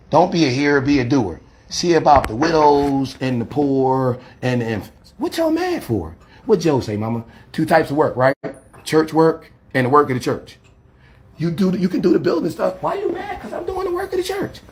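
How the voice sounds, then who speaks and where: This clip has a little hiss or hum behind a mid-range male voice. It's a street preacher filmed on a phone camera in a heated confrontation, arguing in an agitated, rambling, defensive way and pleading with older women.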